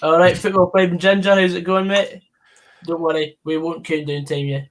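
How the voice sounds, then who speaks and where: A man with a fairly high voice hosts a live football stream. He talks casually, leans on fillers and reads out comments from viewers as he goes. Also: fairly even intonation, normal speed.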